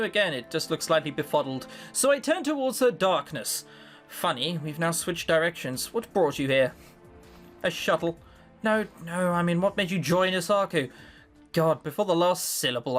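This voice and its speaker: Brief: sarcastic male let's-play host, lively pitch, swears a lot, faint music under him. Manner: sarcastic, swears often, mocks the writing. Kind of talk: reading a visual novel aloud with commentary.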